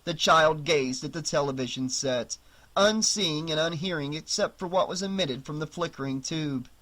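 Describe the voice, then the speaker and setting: A man narrating a horror novel audiobook in a steady, measured storytelling voice. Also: on the high side.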